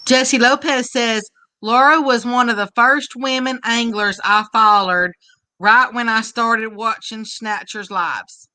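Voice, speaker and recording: Bright, higher-voiced woman reading comments. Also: fairly even intonation, takes it slowly, poor audio. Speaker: co-host reading viewer comments. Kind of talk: casual chat, reading comments aloud.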